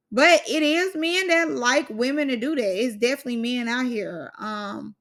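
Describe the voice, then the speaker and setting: Chatty, bright-voiced young woman recapping. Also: on the high side, vocal fry. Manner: chatty, opinionated, filler-heavy. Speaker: reality show recapper. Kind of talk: casual reaction commentary.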